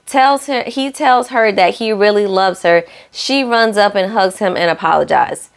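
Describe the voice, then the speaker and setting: A young woman recaps a reality dating show in a casual, sassy way, talking straight to her audience. Her voice sits in an ordinary middle pitch. She breaks into quick acted voices when she quotes what the cast said. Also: gravelly. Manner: sassy, talks straight to viewers; acts out cast lines in shifting voices.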